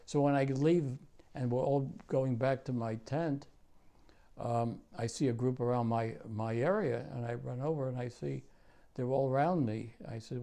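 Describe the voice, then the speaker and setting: Old man in his nineties, dark gravelly voice, profane storyteller in an interview. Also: medium pitch, fairly even intonation. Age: 90s. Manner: profane, halting storyteller with many restarts. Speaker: veteran interviewee. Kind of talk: oral history interview.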